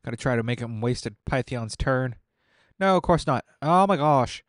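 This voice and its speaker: A gaming content creator streams a game while eating painfully spicy wings, sweating and teary, groaning in exasperation and talking through the suffering as he keeps up casual commentary. His mid-range voice has lively intonation and a moderate pace. The studio sound is clean, with no room sound.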